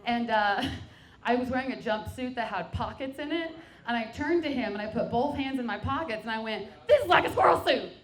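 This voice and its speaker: A woman's voice: fairly high pitch, moderate pace. A woman doing a stand-up set on a brewery stage, delivering self-deprecating, bawdy punchlines to a live audience. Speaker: stand-up comic. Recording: echoey room with crowd.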